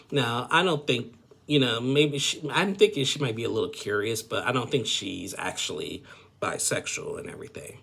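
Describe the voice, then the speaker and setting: A man's voice: sits low, vocal fry, a bit bright, husky. A man casually recapping a reality TV episode, rambling with lots of fillers like "like" and "and everything". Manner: rambling, filler-heavy, says "and everything" a lot.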